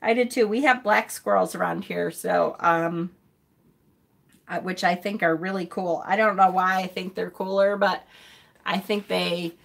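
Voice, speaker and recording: A woman's voice: on the low side, steady tone, a little slow, creaky. A middle-aged woman hosting a casual live stream, answering viewer comments in a chatty, rambling way and laughing often. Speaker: livestream host.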